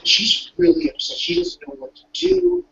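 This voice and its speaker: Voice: extremely high pitch, normal speed, vocal fry, fairly bright tone, slight background noise. A speaker casually recapping an anime episode, rambling and restarting, acting out the characters' lines along the way. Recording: distant, dull lo-fi mic.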